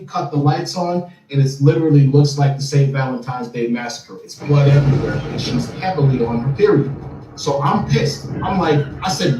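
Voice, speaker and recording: A man telling a long story as an interview guest, animated and often repeating words as he starts sentences. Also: mid-range voice. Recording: echoey room, far from mic, faint music.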